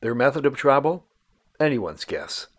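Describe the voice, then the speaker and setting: A man hosting and narrating a documentary-style outdoor show in a measured, dramatic storyteller manner. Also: medium pitch, big pitch swings. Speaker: host.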